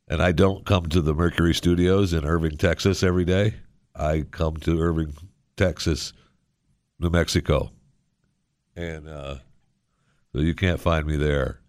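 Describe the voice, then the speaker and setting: A man hosting a radio show, talking in a rambling, sarcastic monologue with animated asides. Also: low-pitched, no echo, studio quality. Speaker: radio host. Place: radio studio.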